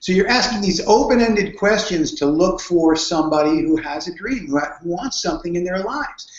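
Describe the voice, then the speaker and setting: With a high-sitting, animated voice at a moderate pace, a man recounts earnest stories while answering interview questions about prospecting. He is a guest speaker on network marketing who restarts his sentences frequently, recorded with a dull, roomy sound.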